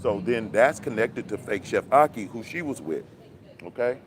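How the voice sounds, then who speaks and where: A man's voice: mid-range voice, expressive, moderate pace, a little hiss or hum. A man hosting a casual commentary chat, talking in a preachy, conspiratorial, rambling way full of fillers and laughs, recorded outdoors. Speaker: commentary channel host.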